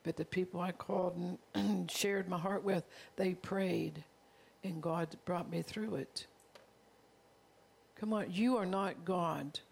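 A pastor preaching a heartfelt sermon, with a gravelly, creaky edge running through the voice. The delivery is earnest and confessional, with frequent call-outs to the congregation. The pitch sits in a middle range. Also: steady tone, takes it slowly.

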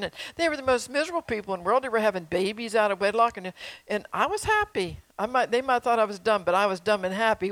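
A woman's voice: medium pitch, a bit bright, no echo, poor audio. An older woman preaching in a folksy, emphatic way, repeating phrases and asking her listeners questions. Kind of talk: sermon with prophecy.

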